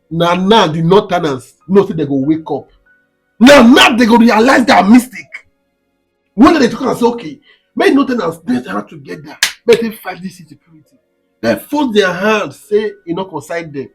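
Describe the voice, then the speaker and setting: Gravelly Nigerian Pidgin man, ranting. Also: high-pitched, animated, normal speed, faint music behind. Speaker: commentator. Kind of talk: Pidgin commentary to camera.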